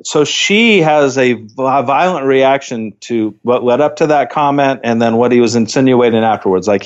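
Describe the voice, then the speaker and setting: Halting male co-host, slightly muffled sound. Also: mid-range voice. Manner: halting, with many restarts and fillers like "like". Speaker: podcast co-host. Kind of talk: casual chat recapping a TV show.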